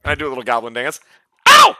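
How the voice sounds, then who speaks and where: Excitable man with a wildly lively voice. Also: medium pitch, fast, no echo. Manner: excitable, breaks into shouts. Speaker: tabletop game player. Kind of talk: playing a tabletop game.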